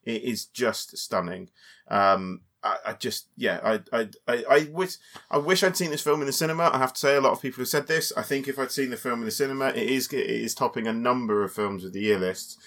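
A man's voice: mid-range voice, a little fast, fairly bright tone. A man co-hosting a podcast, enthusing about a film in a loose, rambling way with many restarts. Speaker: podcast co-host reviewing films. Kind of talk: casual conversational review.

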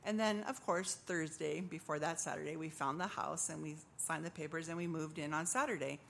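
Gravelly woman giving a church testimony. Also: low voice, brisk, a little hiss or hum. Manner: earnest storytelling, acts out voices in quotes. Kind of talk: personal testimony.

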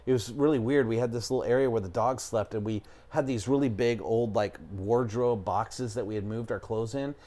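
A man's voice: medium pitch, steady tone, a little fast, few pauses, mellow. A middle-aged man telling a story in casual chat, rambling and swearing, with lots of fillers. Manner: rambling, profane, lots of "like" and "I'm talking".

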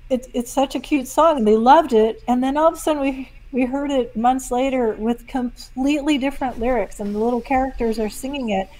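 A woman guest songwriter chatting in an interview, telling stories in a lively way. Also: sits high, brisk, hardly any pauses, rough recording. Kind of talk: casual interview chat.

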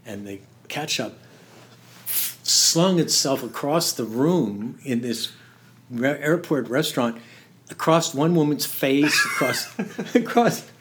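An older man telling stories in an interview, halting and laughing, dropping to a hush when he quotes someone. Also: mid-range voice. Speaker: interview guest. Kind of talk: storytelling in conversation.

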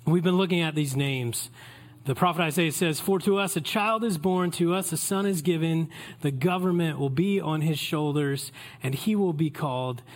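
Pastor, playful sermon. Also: male voice, a little high, normal speed. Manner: playful, joking asides to the congregation.

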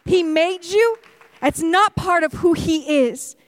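A woman's voice: extremely high pitch, slow, no room sound, some chatter behind. A woman pastor preaching a sermon, telling a story with humor and acting out quotes.

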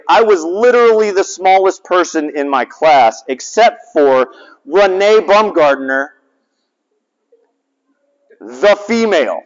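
Man, 40s, chaplain, sermon, lively pitch, long hall reverb. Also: muffled recording. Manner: animated storytelling with quick swings from loud to soft.

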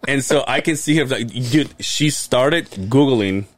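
A man's voice: mid-range voice, measured pace, no echo. A man telling a long, rambling story in casual podcast chat, swearing and restarting often. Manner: rambling, profane, many restarts. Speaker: podcast co-host.

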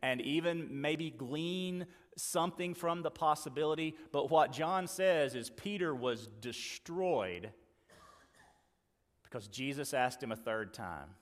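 A man preaching a sermon, earnestly acting out the dialogue he quotes and moving between loud emphasis and quiet asides. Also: a little high, slow, long reverb tail. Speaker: pastor.

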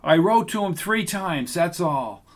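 A man voices a young farm girl from an audiobook, lifted high in pitch. She is earnest and defiant, pushing back with indignation. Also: expressive, a little slow. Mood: defensive.

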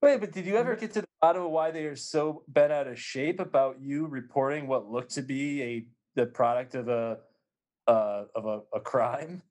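A man's voice: medium pitch, moderate pace, a little mellow. A man hosting a casual chat, asking curious follow-up questions.

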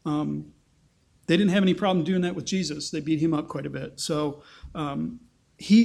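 A man's voice: high voice, a little mellow. A man teaching scripture in a sermon, conversational, thinking aloud with restarts and acting out quoted lines with emphasis. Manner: acts out quotes with rising emphasis. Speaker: pastor. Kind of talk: sermon-style Bible teaching.

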